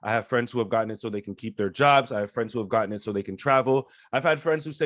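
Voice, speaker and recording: A man's voice: mid-range voice, fast talker, few pauses, fairly bright tone, no room sound, dull audio. A man co-hosting a podcast, making his point earnestly and repeating phrases for emphasis. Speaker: podcast co-host. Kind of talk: casual podcast chat.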